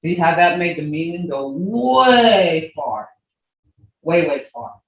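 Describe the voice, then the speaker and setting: A language teacher on a video call who repeats words and swoops the pitch to show tones. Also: lively intonation, takes it slowly. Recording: roomy, dull lo-fi video call audio.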